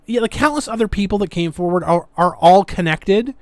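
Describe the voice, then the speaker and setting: A woman's voice: lowish voice, fast talker, few pauses, no echo, studio quality. A woman hosting a podcast, ranting in a sarcastic, defiant way as she comments casually. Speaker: podcast host.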